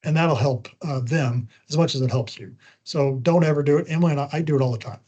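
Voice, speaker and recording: A man giving spokesperson training on a video call, talking quickly once he gets going, with frequent ums and uhs. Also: fairly high pitch, mellow. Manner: talks fast when he gets going. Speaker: media trainer. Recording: dull lo-fi call audio.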